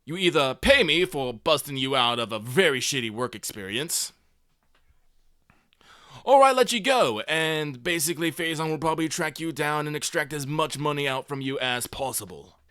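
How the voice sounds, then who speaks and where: A man voicing a scheming male gang leader villain in a gravelly voice, delivering a smug threatening speech. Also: on the high side, lively intonation, moderate pace, pushed and bright, dry recording, studio quality, voice pushed up. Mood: smug menacing.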